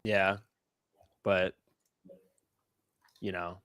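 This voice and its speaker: A young man co-hosting a live trading stream, cursing and reacting loudly to the market in casual banter. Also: drawn-out words, smooth, no room sound. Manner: profane, excitable, lively pitch swings.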